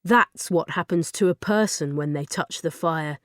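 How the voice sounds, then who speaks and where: A woman's voice: deep voice, normal speed, no echo, close to an everyday voice. Woman doing a teenage boy, sensible, matter-of-fact, dry close sound. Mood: explaining.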